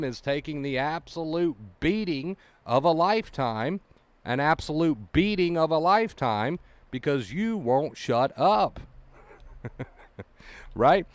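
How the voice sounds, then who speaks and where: A man's voice: on the high side, no room sound. A man talking as an anxiety recovery coach, giving a blunt motivational monologue. He swears freely and repeats his points. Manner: blunt, profane, repetitive.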